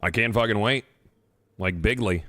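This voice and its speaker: Low-voiced man chatting casually while gaming. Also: moderate pace, fairly bright tone, dry recording. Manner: casual, profane, rambling with restarts. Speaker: gaming streamer.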